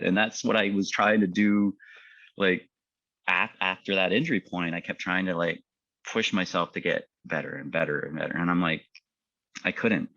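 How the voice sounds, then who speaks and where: A man, a paramedic, telling his personal story in a halting way, full of fillers and repeated words. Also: low voice, a bit bright, no echo, muffled recording. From Canada. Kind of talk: personal testimony talk.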